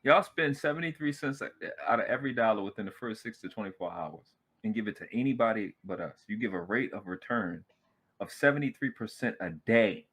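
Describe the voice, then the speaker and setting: Animated sarcastic man, very lively pitch. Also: fairly quick, breathy edge. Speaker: panelist. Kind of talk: heated panel discussion.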